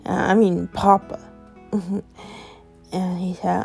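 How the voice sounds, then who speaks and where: Slow, gravelly woman telling a story. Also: on the low side, level tone, warm tone, faint music behind. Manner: meandering, with fillers and self-corrections. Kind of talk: improvised bedtime story narration.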